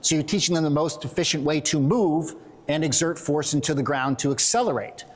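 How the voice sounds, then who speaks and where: A middle-aged man giving a conference talk, animated and joking, telling quick stories to make his points. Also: on the high side. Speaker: conference presenter. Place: conference hall.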